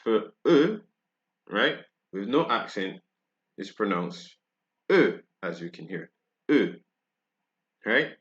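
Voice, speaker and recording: A man's voice: low-pitched, animated, slow pace, pauses often, fairly bright tone, muffled recording. A man from Barbados with a Barbadian accent, giving a French pronunciation lesson and checking in with "right?" after each point. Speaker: French teacher.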